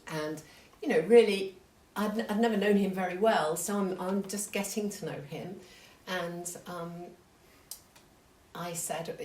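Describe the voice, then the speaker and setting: Slow-talking woman telling a story in an echoey hall. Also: on the low side, steady tone, a little mellow. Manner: unhurried, conversational, self-deprecating. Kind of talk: live storytelling. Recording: echoey hall, distant mic, faint noise.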